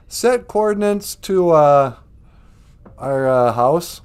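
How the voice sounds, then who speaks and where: Goofy podcast host guy, slow drawl, pitch swings all over, laughs a lot. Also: sing-song, a little mellow, smooth. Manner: goofy, laughs often, makes beep sound effects. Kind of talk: playful casual chat.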